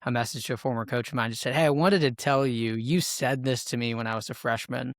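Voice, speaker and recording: A man's voice: mid-range voice, steady tone, quick pace, no echo. Curious male podcast host, dry mic. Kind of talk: podcast interview, asking questions.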